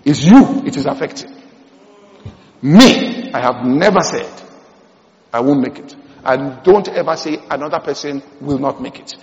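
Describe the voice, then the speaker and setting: A man preaches with emphasis, repeating his key lines and dropping from loud bursts to near hushes. His voice sits fairly high for a man. It rings through a reverberant church hall, captured with a dull, muffled quality. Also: lively intonation, unhurried. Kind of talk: sermon.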